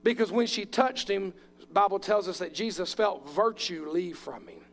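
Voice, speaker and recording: A man's voice: high voice, expressive, moderate pace, a little hiss or hum. A man preaching a sermon with passion, acting out voices from scripture as he tells the stories. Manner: impassioned, acts out bible voices.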